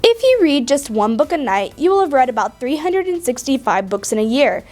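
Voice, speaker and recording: High-voiced woman narrating upbeat promo. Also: big pitch swings, brisk, a little mellow, soft background music. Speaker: narrator of a library video newsletter. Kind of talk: scripted narration.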